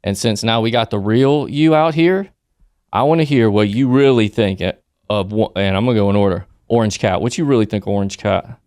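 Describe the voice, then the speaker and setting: A man's voice: fairly low pitch, brisk, darkish tone, smooth, dry recording, studio quality. A man co-hosting a comedy podcast, laid-back, egging the others on with short affirmations as he questions a guest. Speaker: podcast co-host. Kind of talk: comedic mock interview.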